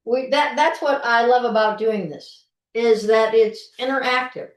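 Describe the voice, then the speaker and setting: A woman's voice: fairly high pitch, unhurried. A middle-aged woman leading a live online cooking class from her home kitchen, talking in a folksy, chatty way and often restarting her sentences while she works. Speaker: cooking instructor. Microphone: video call from a distance. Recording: roomy kitchen, mic far off.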